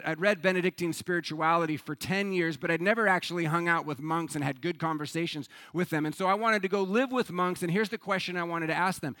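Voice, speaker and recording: Bright-voiced man preaching a sermon. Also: high voice, no echo. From United States. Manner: animated storytelling, conversational with rhetorical questions. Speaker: pastor.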